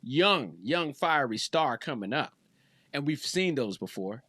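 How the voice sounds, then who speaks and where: A man's voice: medium pitch, very animated, measured pace, pushed and bright, dry recording. Man, thirties, podcast host, casual slangy rant, repeats himself, dry close sound.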